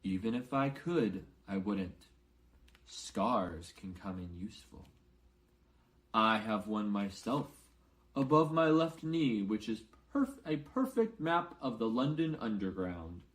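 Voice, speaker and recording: A man voicing a calm old wizard headmaster who speaks in a measured, unhurried way. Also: fairly low pitch. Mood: wry.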